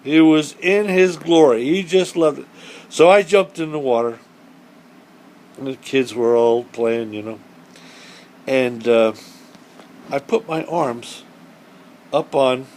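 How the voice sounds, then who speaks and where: A middle-aged man telling a children's story out loud. He talks in a warm-hearted folksy way and keeps it animated, leaning into the people and moments he describes. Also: mid-range voice, a little hiss or hum. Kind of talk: true story told aloud to children.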